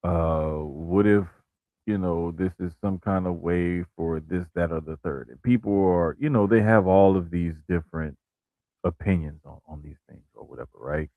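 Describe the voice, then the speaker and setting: A man co-hosting a wrestling podcast talks in an easygoing, casual way, leaning on fillers and restarting his sentences. His voice is fairly low. The recording is dry and close. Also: normal speed, dry recording, narrow, tinny audio. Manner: relaxed, repeats "bruh" and "like", restarts. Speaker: podcast co-host.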